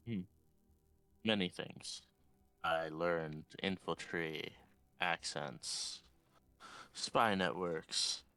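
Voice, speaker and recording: A man playing his character in a tabletop role-play, speaking in a slow, measured, suave way. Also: sits low, bright, forceful tone, smooth, no echo. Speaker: player.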